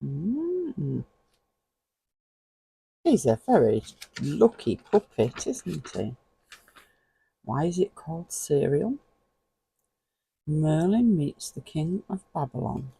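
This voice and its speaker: A relaxed man talks slowly in a low-key, mellow voice that carries a husky, gravelly grain. He leafs through pages as he chats directly to the viewer and chuckles often. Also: poor audio. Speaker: vlogger. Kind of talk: casual flip-through commentary.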